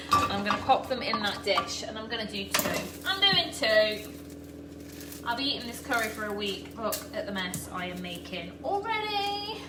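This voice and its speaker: A woman's voice: on the high side, sing-song, a little slow, noisy background. A middle-aged woman hosting a live cooking stream from her home kitchen, chatting casually and greeting viewers by name as she works. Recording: echoey kitchen, mic far off, pan clatter.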